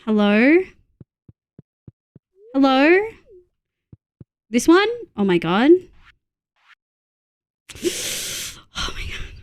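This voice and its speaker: Excitable young woman streamer, gasping. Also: a little high, drawn-out words, pauses often, smooth. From Australia. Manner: excitable, gasps and counts items aloud. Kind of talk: casual gameplay chat.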